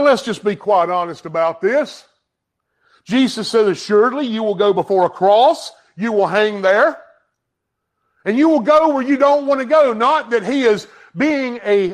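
A man preaching a Sunday sermon to his congregation, his voice sitting unusually high and leaping around with lively inflection. He hammers points home loudly, then drops to a near hush for emphasis. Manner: emphatic preaching that swings from loud to hushed. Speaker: pastor. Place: church sanctuary.

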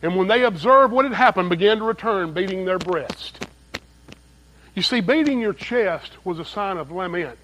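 A male pastor delivers a church sermon in a notably high voice for a man. He presses his points with loud, rising emphasis, then pulls back into quiet, low asides to the congregation. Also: animated, normal speed, a little hiss or hum, low-quality recording. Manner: preaching with swings between loud emphatic peaks and hushed low asides. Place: church sanctuary.

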